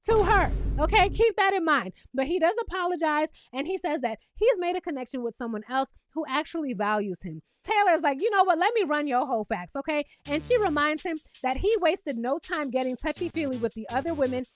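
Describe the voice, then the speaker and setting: High-voiced, sassy woman recapping TV. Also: expressive, fairly quick, hardly any pauses, dry recording, clean studio sound. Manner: sassy, emphatic, with pointed asides to the viewer. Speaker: reality TV recap host. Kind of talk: casual recap commentary.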